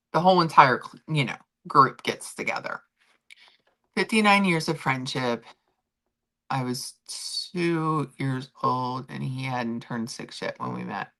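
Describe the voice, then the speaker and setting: Animated, chatty woman streamer. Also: deep voice. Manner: chatty, animated, rambling with restarts. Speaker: livestream host. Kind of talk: casual chat with viewers.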